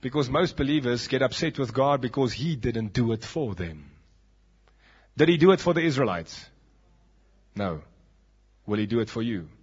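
A man's voice: medium pitch, lively intonation, normal speed, long pauses, breathy edge. A South African man preaching a sermon as pastor, emphatic, with dramatic drops in his voice, on a dull lo-fi recording.

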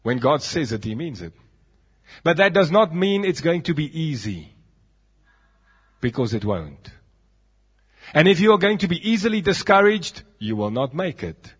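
Husky South African preacher, emphatic. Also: male voice, on the high side, sing-song, moderate pace, pauses often. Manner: emphatic preaching with dramatic drops. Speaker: pastor. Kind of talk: sermon. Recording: dull lo-fi recording.

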